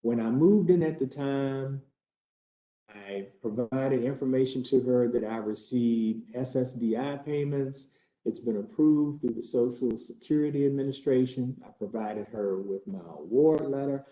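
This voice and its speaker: Recorded in a spacious hall, a man with a mellow, medium-pitched voice and measured pace role-plays a case study as a trainer. He tells it in the first person, earnest and conversational, with tension gradually rising.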